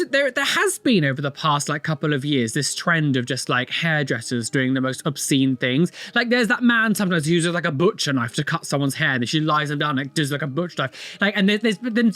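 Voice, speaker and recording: A man's voice: on the high side, fairly bright tone, no echo. A man hosting a reaction video, rambling and exclaiming with lots of fillers. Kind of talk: casual reaction commentary.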